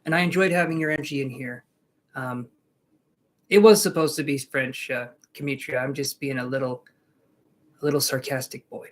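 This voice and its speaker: A man's voice: medium pitch, moderate pace, pauses often. A man giving tarot readings on a live stream, chatting casually with viewers in a jokey, reassuring way. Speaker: tarot reader.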